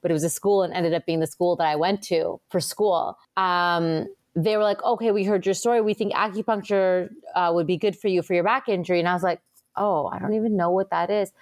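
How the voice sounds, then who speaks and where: A woman acupuncturist chatting casually as an interview guest, telling stories in a lively way with lots of fillers. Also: fairly low pitch, brisk. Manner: chatty, animated storytelling with many fillers.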